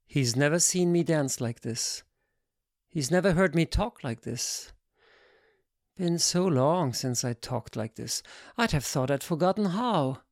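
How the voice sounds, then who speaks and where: An audiobook narrator reading literary prose in a measured, intimate, reflective manner. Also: mid-range voice, expressive, a little mellow, dry recording, studio quality.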